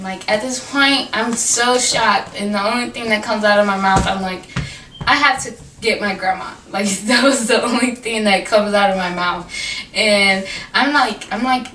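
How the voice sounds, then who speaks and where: Young woman, casual storytime vlog, chatty and animated, roomy echo, a little far from the mic. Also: mid-range voice, slight background noise. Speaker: vlogger. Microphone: camera mic. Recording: echoey room, voice a bit off-mic.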